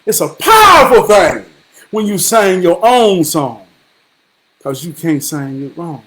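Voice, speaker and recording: High-voiced man telling a rambling story. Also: sing-song, slow pace, a bit bright, slight background noise. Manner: rambling, repetitive, profane, preachy. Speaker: vlogger. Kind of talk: casual storytelling monologue.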